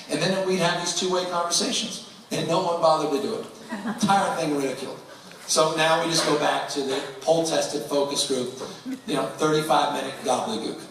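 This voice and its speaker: A man telling a wry, animated story as an interview guest before a live audience at a festival venue. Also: a little high, slight background noise. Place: large public festival venue. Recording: echoey hall from far off.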